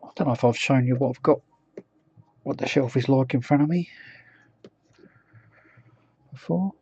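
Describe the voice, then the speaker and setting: A man's voice: mid-range voice, normal speed, a little mellow, husky, no room sound. A man streaming as he paints miniatures, chatting casually, muttering to himself and humming idly between remarks. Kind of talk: casual live-stream commentary while working. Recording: dull lo-fi stream audio.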